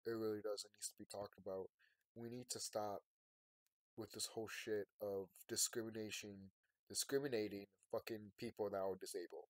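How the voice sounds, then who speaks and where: A man talking to his viewers in a rambling late-night monologue. He sounds sleepy and yawning, and he swings from quiet, tired musing to loud ranting. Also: fairly low pitch, little pitch movement, moderate pace, no room sound, studio quality. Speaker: vlogger.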